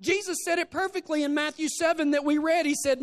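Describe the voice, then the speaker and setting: A man preaching a sermon to a congregation, telling folksy stories in an animated way. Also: extremely high pitch, fast talker, hardly any pauses. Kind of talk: sermon with storytelling. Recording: long reverb of a large hall.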